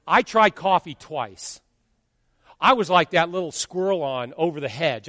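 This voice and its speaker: A man in his fifties, a pastor preaching an animated sermon and acting out quotes from his congregation. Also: fairly high pitch, normal speed, no echo, clean studio sound, long reverb tail. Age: 50s.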